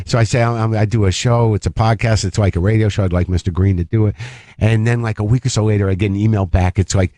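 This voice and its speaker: A man with a lowish voice spins a long, animated anecdote, restarting sentences as he goes. The sound is dry and close to the studio mic, with no room around it. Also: quick pace, dry recording. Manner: rambling, animated, self-interrupting. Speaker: comedian and podcast host, guest. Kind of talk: casual storytelling on a talk radio show.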